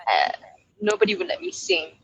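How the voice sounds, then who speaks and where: A woman's voice: very high voice, moderate pace, creaky, a little hiss or hum, rough recording. A young woman from Malaysia, a singer-songwriter, telling a story in a casual interview and acting out quoted voices. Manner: lively, acts out quoted voices, laughs often.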